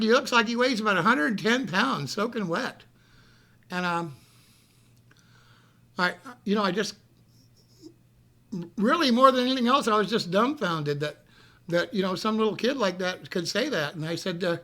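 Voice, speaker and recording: A man telling a story casually on a live stream, animated, swearing freely and laughing as he goes. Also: high-pitched, moderate pace, pauses often.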